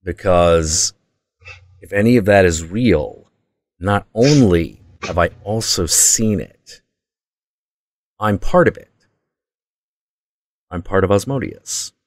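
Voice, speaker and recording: A very deep-voiced man retells a personal story in a casual, excitable monologue, swearing freely as he builds up the tension. The sound is dry and close, with no room echo. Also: slow pace, long pauses. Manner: intense, profane, excitable retelling. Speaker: host.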